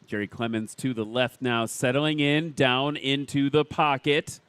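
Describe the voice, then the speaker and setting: A man's voice: medium pitch, fairly even intonation, unhurried, a bit bright, clean tone, no room sound. A man in his forties giving enthusiastic live play-by-play commentary at an air competition. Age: 40s. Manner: enthusiastic, chatty.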